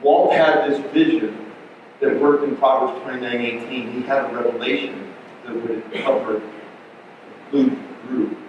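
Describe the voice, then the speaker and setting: A middle-aged man preaching a sermon as pastor, animated and storytelling, with frequent restarts. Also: medium pitch, unhurried, muffled recording, background noise. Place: church sanctuary. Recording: very echoey church hall, distant mic.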